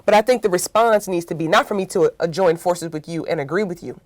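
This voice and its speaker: Speaking fast in a lowish voice on a dry recording, this woman is a guest discussing workplaces in an interview. She tells lively stories, performs the quotes, and keeps adding "right?".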